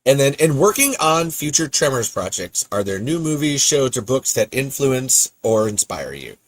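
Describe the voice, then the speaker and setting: A man hosts a casual podcast livestream, wandering off mid-sentence and laughing as he goes. His pitch bounces around with lively swings. The sound is dry and close, with no room in it. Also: normal speed, dry recording. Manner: rambling, self-interrupting, laughs often. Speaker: podcast host.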